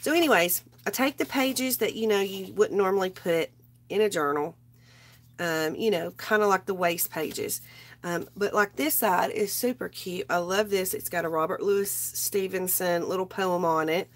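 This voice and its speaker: A woman's voice: lowish voice, normal speed. Woman, craft live host, sick and strained, loose chatty rambling. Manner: rambling, greets viewers by name. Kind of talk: casual live chat while crafting.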